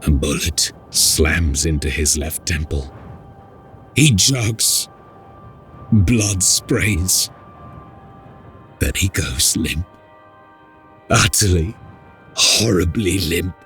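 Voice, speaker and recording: A man narrates a dark war story in the first person, his voice deep, slow and grave. Faint music plays softly underneath. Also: lively intonation. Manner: grave and intense.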